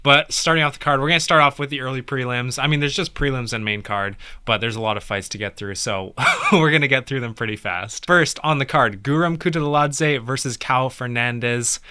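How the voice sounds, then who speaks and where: A young man co-hosting a relaxed, joking fight-prediction chat and laughing often. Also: medium pitch, fairly quick, clean tone. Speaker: co-host.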